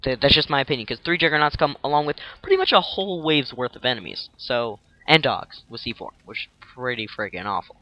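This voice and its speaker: A man's voice: medium pitch, animated, fast, hardly any pauses, bright, forceful tone. A young man casually narrating his gameplay as a tutorial, rambling and jokey, acting out enemies in silly voices.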